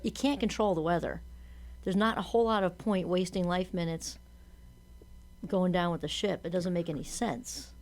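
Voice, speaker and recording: A woman co-hosting a casual podcast conversation, chatty and enthusiastic, quick to agree and to laugh. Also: fairly low pitch, fairly even intonation, darkish tone. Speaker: podcast co-host.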